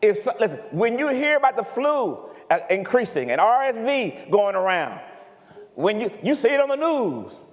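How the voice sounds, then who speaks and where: A man preaching a sermon as pastor, animated and often checking in with the congregation. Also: high-pitched, moderate pace. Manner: animated preaching, asks the congregation if he makes sense. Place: church sanctuary. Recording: reverberant church hall.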